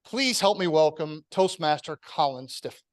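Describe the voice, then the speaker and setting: A man hosting a public-speaking club meeting, giving an earnest, measured prepared talk before introducing the next speaker. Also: a little high, animated. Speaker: meeting host.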